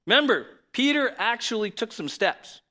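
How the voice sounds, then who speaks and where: Lively, bright-voiced male preacher. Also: very high-pitched, moderate pace. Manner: animated, conversational preaching with repeated rhetorical questions. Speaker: pastor. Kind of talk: sermon.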